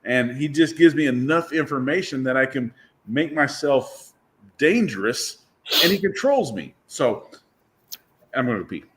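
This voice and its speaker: A man's voice: medium pitch, expressive, unhurried, a bit bright. A man, a drag racer and guest, telling a story about his car in a loose, self-deprecating way, laughing and swearing as he goes. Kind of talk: casual storytelling.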